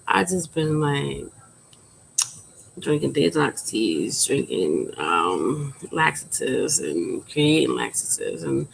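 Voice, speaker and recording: A woman in her thirties talking frankly and at length in a personal vlog, keeping her voice quiet and subdued and rambling with many fillers. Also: low voice, gravelly, a little hiss or hum, low-quality recording. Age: 30s. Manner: quiet, subdued speaking volume. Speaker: vlogger. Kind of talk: candid personal vlog talk.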